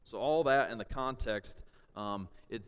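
A man teaching a sermon and reading scripture, pausing to check in with his listeners with "okay?" and "all right?" and rising to loud shouts for emphasis. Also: mid-range voice, clean tone. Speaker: pastor. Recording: long hall reverb.

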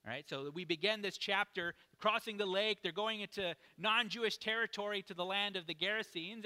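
A man's voice: high-pitched, fairly quick, few pauses, bright, forceful tone, in a large hall. A man giving a casual, conversational sermon in a church, often asking "right?" as he reads and explains a passage. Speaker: preacher.

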